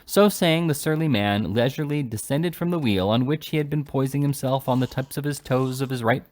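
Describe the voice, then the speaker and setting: A man reading a classic novel aloud in an expressive storytelling manner. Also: medium pitch, a little fast. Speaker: audiobook reader.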